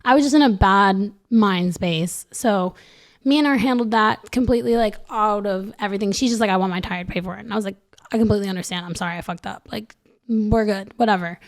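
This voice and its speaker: A woman's voice: medium pitch, a little fast. A young woman chatting as a podcast guest. She tells her story loosely and rambles, leaning on "like" over and over. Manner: rambling, fills every phrase with "like". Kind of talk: casual storytelling.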